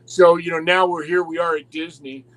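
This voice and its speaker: High-voiced, foul-mouthed male storyteller. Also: moderate pace, poor audio. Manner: animated, swears constantly, restarts a lot. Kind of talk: casual profane storytelling.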